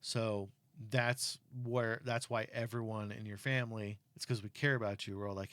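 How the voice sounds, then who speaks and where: A middle-aged man chatting casually with his kid, telling stories in an animated way and turning earnest and cautionary on safety. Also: on the low side, moderate pace, hardly any pauses, no room sound. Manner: animated storyteller who acts out quotes; earnest and cautionary when talking about safety. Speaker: parent talking with his kid. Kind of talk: casual chat.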